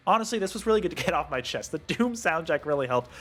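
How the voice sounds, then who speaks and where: A young man ranting to camera as a gaming video creator, heated and profane, his pitch jumping up when he gets worked up. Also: lively intonation, fast, a bit bright. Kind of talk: angry rant to camera.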